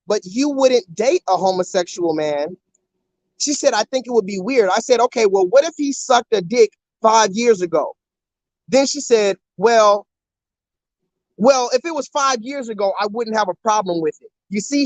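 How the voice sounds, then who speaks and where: A man's voice: extremely high pitch, no echo, rough recording. A man hosting a live stream while walking around, talking on a phone and repeatedly urging viewers to comment in the chat. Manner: animated, repetitive, keeps urging viewers to comment. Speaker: livestreamer.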